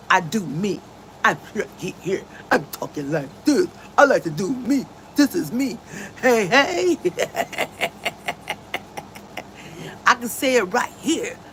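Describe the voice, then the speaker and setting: A woman livestreaming from home into her phone, talking with big swings of pitch and a gravelly edge to her voice. She speaks slowly and emphatically, leaning into a preachy tone. A faint hum of background noise sits under her voice. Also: expressive, a bit bright, low-quality recording. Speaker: livestream host. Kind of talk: casual livestream talk.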